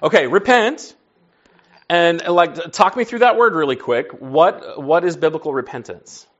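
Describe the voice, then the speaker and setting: A man's voice: a little high, normal speed, fairly bright tone, muffled recording. A man preaching to a class in a conversational teaching style, folksy, asking the group questions and answering them himself. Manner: folksy, says y'all and like.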